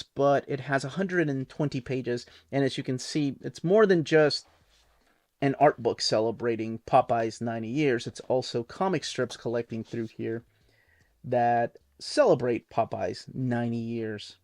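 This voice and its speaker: A man's voice: mid-range voice, moderate pace, a little mellow, no room sound. A man casually showing and reviewing comic books, rambling and enthusiastic with plenty of fillers. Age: adult, watched reruns as a kid. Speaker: book reviewer. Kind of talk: casual product overview.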